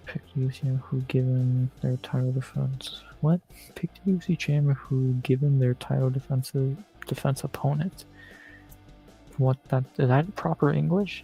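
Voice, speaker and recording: A man's voice: medium pitch, creaky, dark tone. A man streaming live, muttering and swearing casually as he plays through quizzes, saying he's losing his voice. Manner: mutters and swears at quiz questions.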